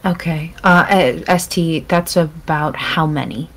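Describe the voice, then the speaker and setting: A woman taking part as a player in a tabletop horror game. Her voice is very low with a gravelly fry. She talks hesitantly and fills pauses as she asks the game master questions. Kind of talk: tabletop role-play as a player.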